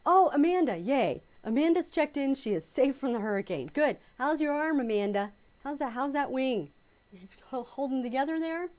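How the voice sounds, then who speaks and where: A woman's voice: on the high side, low-quality recording. Chatty, bubbly middle-aged woman host. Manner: chatty, rambling, self-correcting with little laughs; greets viewers by name with bright excitement. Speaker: quilting channel host. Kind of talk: casual live-stream chat.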